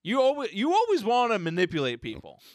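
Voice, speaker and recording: A man's voice: high-pitched, wildly swooping pitch, fast, no echo, clean studio sound. A man hosting a casual podcast, reading out a list and joking with friends. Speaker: podcast host.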